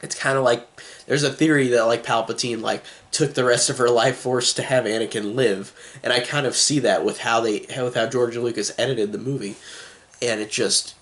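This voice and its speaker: A man giving a casual, enthusiastic spoken movie review, rambling with many fillers and restarts. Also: mid-range voice.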